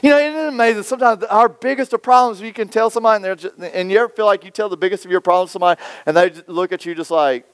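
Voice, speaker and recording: Animated preacher man, dry close sound. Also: sits high, racing, few pauses, clear, resonant tone, no echo. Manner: storytelling, animated, acts out quoted voices. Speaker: pastor. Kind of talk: sermon.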